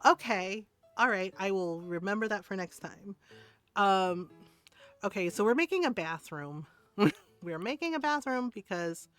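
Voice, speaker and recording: A woman's voice: mid-range voice, fairly bright tone, dry recording. A middle-aged woman streaming a game who tells stories casually, laughing often and checking in with "right?". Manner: chatty, laughs often, keeps saying "right?". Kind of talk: casual storytelling while playing.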